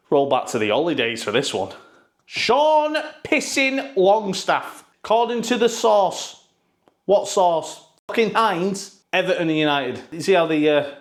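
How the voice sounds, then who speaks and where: A man giving casual, sarcastic football news commentary, full of swearing and mocking asides. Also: medium pitch.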